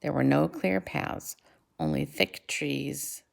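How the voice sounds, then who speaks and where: Low, gravelly woman reading a story. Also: sing-song. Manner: measured, slows and drops to a hush for effect. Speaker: reader. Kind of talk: reading a children's novel aloud.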